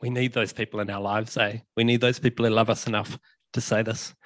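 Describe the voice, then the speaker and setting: A man's voice: lowish voice, flat delivery, a little fast, a bit bright, no echo. Aussie guy preaching, chatty sermon, lots of ums, dry close sound. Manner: conversational, many ums and fillers, emphatic repetitions.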